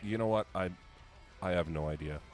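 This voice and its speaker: Low male color commentator, casual banter, music playing in the gym. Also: fairly quick. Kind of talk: live sports commentary. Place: strength competition gym.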